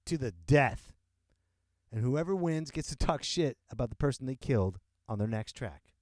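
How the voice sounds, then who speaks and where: A man hosting a podcast, delivering an unscripted comedic rant in an animated, joking way and laughing often. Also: a little high, no room sound, clean studio sound. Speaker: podcast host. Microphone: close podcast microphone.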